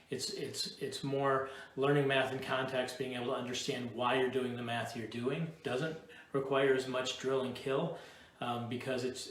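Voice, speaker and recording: A middle-aged man from upstate New York hosting a live question-and-answer session, rambling and playful as he explains things at length. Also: mid-range voice. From Buffalo, New York. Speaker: host answering curriculum questions. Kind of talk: casual live Q&A. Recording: echoey room.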